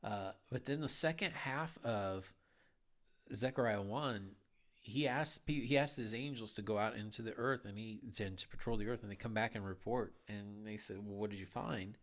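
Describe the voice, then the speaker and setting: A man's voice: on the low side, moderate pace, fairly bright tone. A man hosting a Bible podcast, talking in an earnest, heartfelt, urging way. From United States. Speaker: podcast host. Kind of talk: earnest Bible teaching talk.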